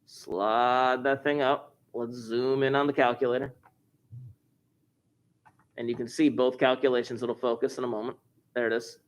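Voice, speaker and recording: In a recorded class review lesson, a man teaches math in a chatty, jokey way, thinking aloud as he works through problems. His mid-range voice keeps a level tone and moderate pace, with frequent pauses.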